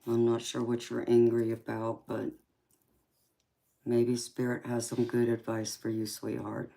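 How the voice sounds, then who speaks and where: A woman hosting a tarot livestream, chatting softly with viewers and calling them sweetheart and honey. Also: very deep voice, completely flat delivery, a little slow, vocal fry. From mixed Japanese, Polynesian, English, Irish and Scandinavian heritage. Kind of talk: casual livestream chat reading out viewer comments.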